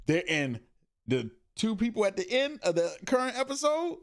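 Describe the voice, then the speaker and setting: A man's voice: high voice, moderate pace. A man hosting a podcast, chatting casually and animatedly about shows and movies, often laughing. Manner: animated, laughing, slangy storytelling. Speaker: podcast host. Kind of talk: casual chat.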